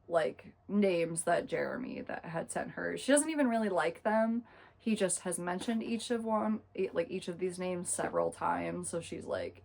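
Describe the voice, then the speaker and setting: A young woman recapping a book in a casual, chatty way, full of fillers and quick asides. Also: fairly low pitch, creaky. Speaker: book reviewer.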